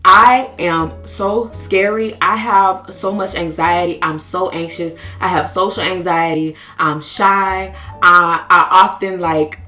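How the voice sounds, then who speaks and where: An earnest young American woman in her twenties speaks to camera in a lowish voice, open and confessional. Faint music plays underneath her talk. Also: fairly even intonation, slow, bright, forceful tone. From United States. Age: 20s. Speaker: vlogger. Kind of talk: candid self-help talk to camera.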